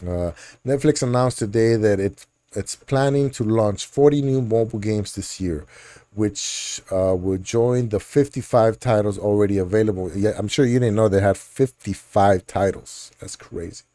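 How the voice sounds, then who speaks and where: A man with a lowish, mellow voice, hosting a relaxed chat about gaming news. He rambles, laughs easily and jokes along the way. The sound is close and dry, with no room in it. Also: normal speed, no echo. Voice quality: laughs often, jokey and rambling. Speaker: podcast host.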